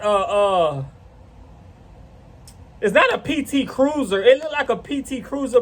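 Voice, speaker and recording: Guy with a high voice doing a story time vlog, swears a lot, rambles. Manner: rambling, profane, animated retelling. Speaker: vlogger telling a story.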